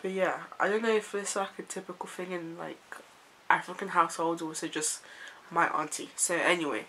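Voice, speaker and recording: A young woman, from an Ivorian family, telling a story to camera in a chatty, animated way full of "like"s. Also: lowish voice, fairly quick, slight background noise. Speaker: vlogger.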